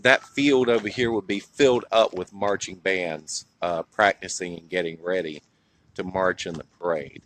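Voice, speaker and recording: A man's voice: sits low, moderate pace, fairly bright tone, a little hiss or hum. A man with a Southern US accent chatting casually on a live stream outdoors, greeting viewers by name and reminiscing with frequent laughs. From southern US (North Carolina). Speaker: livestream vlogger. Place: outdoors in a small town.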